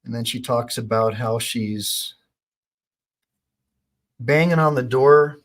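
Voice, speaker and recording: A man's voice: mid-range voice, takes it slowly. A man hosting a livestream as an attorney, giving emphatic, indignant commentary and calling on his chat for reactions.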